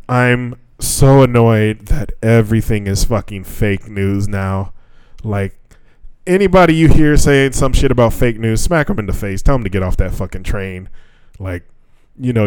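A man's voice: mid-range voice, smooth, dry recording. A man co-hosting a casual podcast, ranting with lots of swearing and laughter. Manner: profane, ranting, laughs often. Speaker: podcast co-host. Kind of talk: casual chat.

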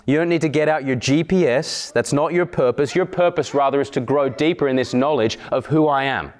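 A man preaching a sermon in a church, earnest, slowing down on emphatic phrases. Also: on the high side, lively intonation. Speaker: pastor.

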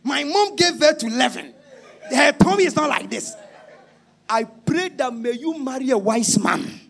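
A man preaching a sermon, shouting and half-singing, then dropping to a low confiding tone. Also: expressive, moderate pace, gravelly, husky, some chatter behind.

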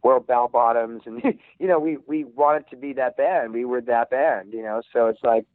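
A man's voice: mid-range voice, moderate pace, no room sound. Musician guy rambling thru old stories, lots of restarts, sounds like a phone call. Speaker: musician guest. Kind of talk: casual interview storytelling. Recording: tinny phone line.

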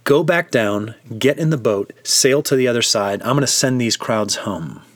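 A man voicing Jesus as a calm, kindly adult man who gives plain, gentle instructions in a retold story. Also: medium pitch, normal speed, lightly acted. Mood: instructing.

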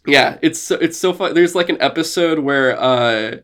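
A young man co-hosting a podcast in casual chat, excited and swearing often, laughing and putting on silly voices. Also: fairly high pitch, normal speed. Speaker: podcast co-host.

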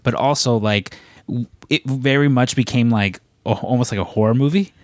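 A man's voice: medium pitch, moderate pace, no echo. A man co-hosting a podcast, chatting casually with lots of "like" and restarts, joking around. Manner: rambling, many fillers and restarts, jokey. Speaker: podcast co-host. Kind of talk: casual chat.

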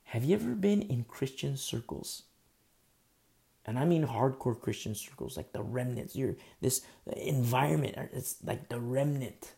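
A man preaching a sermon, impassioned, rising to emphatic questions and dropping to a hush. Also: medium pitch, animated, unhurried, gravelly.

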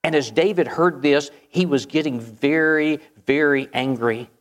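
A man's voice: on the high side, unhurried. A man preaching a sermon, retelling a story and asking the listeners questions. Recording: long hall reverb.

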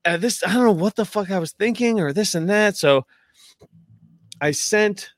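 A man chatting casually as a podcast host, telling a story in an excitable, profane way and often trailing off mid-sentence. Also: fairly high pitch, no room sound. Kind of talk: casual chat. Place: at home.

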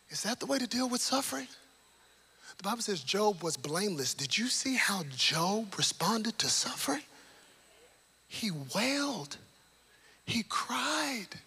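A man preaching a sermon, animated and lively, swinging between loud emphatic lines and hushed, near-whispered passages. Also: sits high, a little slow, pauses often, slightly rough.

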